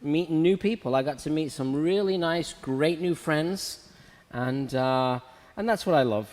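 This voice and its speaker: A man's voice: a little high, measured pace, darkish tone, long reverb tail. A man hosting a live show, chatting casually and talking through a razor haircut as he works. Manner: chatty, laughs often, talks through a razor cut. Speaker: host and hair educator. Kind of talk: casual live-stream chat and haircut demo.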